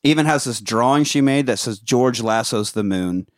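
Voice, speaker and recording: A man's voice: mid-range voice, moderate pace, no echo, clean studio sound. A young man, a podcast host, recapping a film in casual crude jokes and acting out the lines. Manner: crude joking, acts out characters in quotes. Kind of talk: casual comedic movie recap.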